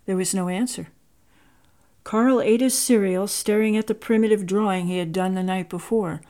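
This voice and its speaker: A woman narrating a story with a measured, expressive delivery. Her voice is mellow and warm, pitched in a middle range.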